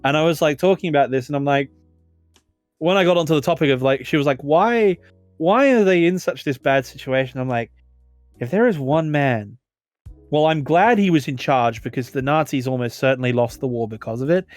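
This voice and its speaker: A man co-hosting a casual podcast, talking with animated passion and quoting film lines. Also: mid-range voice, a little fast, no room sound, soft background music. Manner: animated, impassioned rants with quoted film lines. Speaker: podcast co-host.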